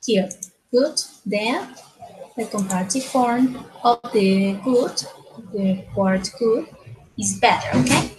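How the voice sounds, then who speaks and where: A woman's voice: on the high side, takes it slowly, pauses often, a little mellow, low-quality recording. A woman teaching an English grammar lesson, who keeps checking in with short tag questions and repeats phrases as she explains.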